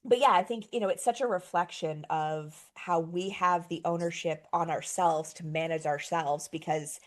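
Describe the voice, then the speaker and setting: A woman, a trauma therapist and podcast host, telling a personal story in casual chat, animated and swearing freely. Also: on the low side, normal speed. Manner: animated, swears freely, acts out her own reactions.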